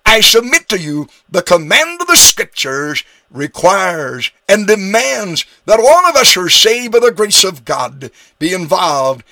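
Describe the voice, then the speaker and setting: Sharp-voiced preacher, emphatic. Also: male voice, high voice, very animated, a little slow, hardly any pauses, no echo. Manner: emphatic preaching, voice rising on key phrases. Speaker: radio preacher. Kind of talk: sermon. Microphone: studio radio microphone.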